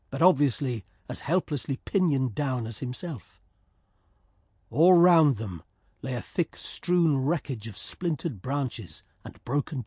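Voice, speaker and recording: A man narrates a story in a steady, measured read. His voice is mid-pitched and slightly husky. The sound is dry and close. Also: no room sound. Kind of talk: scripted narration.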